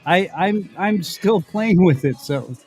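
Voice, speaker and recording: Faint music plays behind a podcast co-host who jokes and rambles through a casual live show from his home studio, even attempting a goofy British accent. His voice sits high, expressive and a little mellow, and he takes his time.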